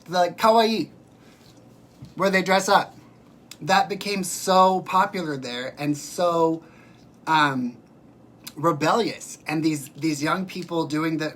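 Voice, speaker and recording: A low-pitched woman talks to her viewers in an unscripted livestream, emphatic and rambling as she picks up their comments. A faint hum of room ambience sits under her voice. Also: fairly bright tone.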